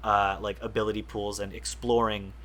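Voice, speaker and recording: A man's voice: lowish voice, level tone, normal speed, a bit bright, a little hiss or hum. A man co-hosting a casual gaming podcast, explaining at length with lots of fillers and restarts. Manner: rambling, enthusiastic explainer with many fillers. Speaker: podcast co-host.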